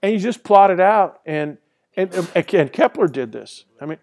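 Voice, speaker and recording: A man's voice: high-pitched, expressive, measured pace, a little mellow. A man giving a classroom lecture in a rambling, conversational way, with fillers and restarts. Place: lecture hall.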